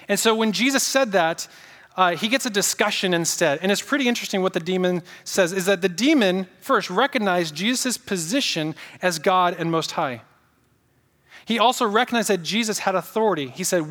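A man's voice: high voice, expressive, moderate pace, fairly bright tone, big-room sound. A male pastor preaching a sermon, emphatic, repeating key points and asking the congregation questions.

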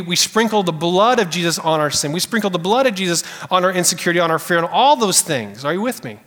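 A man preaching a sermon in a church sanctuary, animated and conversational, calling out to the congregation. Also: high voice, big-room sound. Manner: animated, conversational preaching with audience call-outs. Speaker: pastor.

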